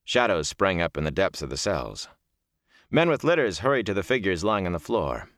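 Deep-voiced male audiobook narrator. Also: sing-song, moderate pace, a bit bright, no echo, clean studio sound. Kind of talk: scripted narration.

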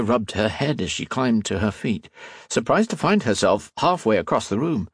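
A man narrating an audiobook in a measured, expressive storytelling manner. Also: on the low side, husky, no echo, studio quality.

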